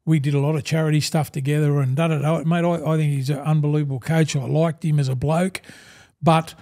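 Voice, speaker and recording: A former rugby league front rower, an older Australian man, is a guest in a casual storytelling interview, spinning long, rambling yarns and constantly calling the host "mate." His mellow, dark-toned voice is pitched a little above the usual for a man, and his delivery is flat and brisk as he slips into the voices of people from old conversations.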